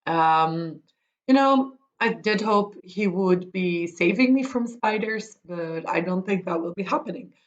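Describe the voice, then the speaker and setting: A woman's voice: fairly low pitch, animated, measured pace. Rambling woman, lo-fi. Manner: rambling, many ums and restarts. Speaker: podcast host. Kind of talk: casual knitting podcast chat.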